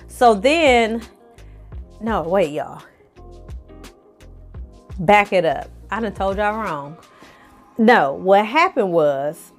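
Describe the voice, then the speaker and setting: A woman recapping an episode in a casual vlog, animated and profane, acting out the characters' lines as she tells it. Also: mid-range voice. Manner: animated, profane storytelling with acted-out quotes. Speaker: film review vlogger.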